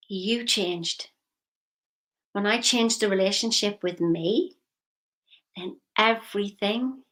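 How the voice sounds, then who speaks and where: A woman's voice: medium pitch, fairly bright tone. A woman giving a motivational talk as a coach, firing repeated questions at the listener.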